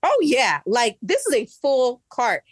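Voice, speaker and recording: A woman telling a story in casual chat, animated and acting out what people said, getting exasperated as she goes. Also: fairly high pitch, measured pace, slightly rough, no echo, clean studio sound. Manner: animated, acts out quotes, rising exasperation. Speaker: guest.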